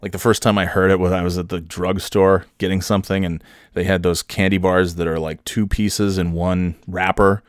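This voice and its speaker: A man from New York rambles through a story in a casual, joking way, full of "uh"s and "like"s. His voice is low and the sound is dry and close, with no room around it. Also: little pitch movement, moderate pace, no room sound. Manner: rambling, joking, many fillers. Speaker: vlogger.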